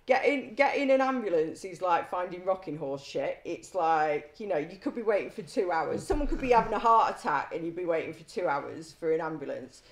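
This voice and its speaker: Speaking fast with hardly any pauses, this former prison governor, a middle-aged woman, shares stories conversationally in a lowish, expressive voice. Her manner is blunt, full of swearing and laughter, and the room echoes noticeably.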